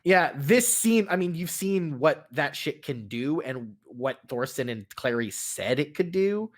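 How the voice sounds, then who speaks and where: A man's voice: on the high side, animated, measured pace. A man narrating a tabletop role-playing game as game master, casual and rambling, with many fillers and restarts.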